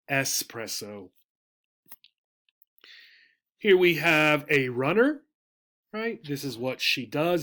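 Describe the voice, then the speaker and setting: A man teaching an English pronunciation lesson, patient and explanatory. He often repeats words slowly and checks in with "right?". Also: a little high, fairly bright tone.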